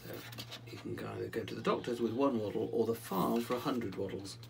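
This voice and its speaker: A man's voice: fairly low pitch, a little fast, creaky, darkish tone. A man reading a picture book aloud, chatty and self-mocking, with casual asides. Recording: distant mic with faint background noise.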